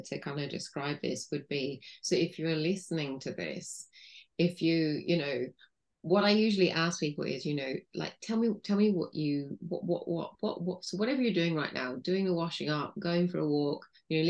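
A woman's voice: low-pitched, gravelly. A woman guest on an interview podcast, explaining ideas patiently with frequent "you know" fillers and guiding listeners through a body-awareness exercise. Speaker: guest, intuition coach.

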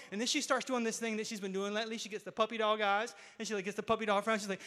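A man in his thirties preaching a sermon as pastor, repeating key lines and building to loud, emphatic peaks. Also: high-pitched, fairly even intonation, racing, hardly any pauses. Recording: hall reverb.

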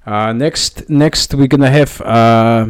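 A man putting on a clumsy fake Norwegian accent for a podcast outro, halting and full of fillers. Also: lowish voice, voice pushed down, close to an everyday voice. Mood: playful. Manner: halting, filler-heavy, bumbling mock accent. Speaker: podcast host doing outro.

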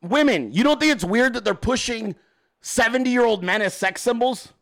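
A man with a fairly high speaking voice delivers a profane, comedic rant as a podcast host. His tone is crude, mocking and exasperated, and he keeps breaking into sneering impressions of the people he is complaining about. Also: animated, moderate pace. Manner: acts out mocking voices of others.

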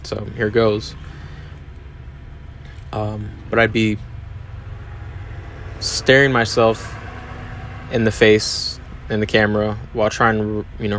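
Guy with a lowish voice doing a solo podcast, lots of ums, real open and confessional. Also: fairly bright tone, slight background noise. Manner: hesitant, many fillers and restarts, open and confessional. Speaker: podcast host. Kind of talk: candid solo podcast monologue.

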